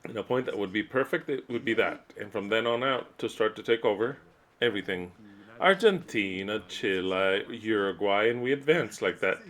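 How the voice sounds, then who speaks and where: A man's voice: lively intonation, normal speed. Emphatic man voicing a sermon. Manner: emphatic, swings from low muttering to loud outbursts. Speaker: interpreter voicing a preacher. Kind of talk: interpreted sermon.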